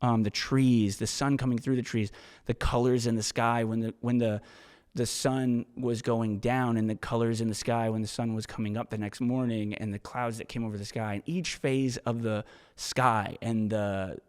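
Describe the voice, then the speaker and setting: A man's voice: medium pitch, fairly even intonation, moderate pace, a little mellow, big-room sound. A man hosting a solo podcast, talking in a loose, rambling way and swearing freely. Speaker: podcast host.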